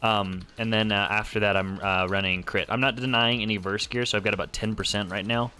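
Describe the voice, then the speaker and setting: A man's voice: on the low side, steady tone, fairly quick, sharp tone. A man casually commenting while streaming a game, rambling with many fillers as he answers chat.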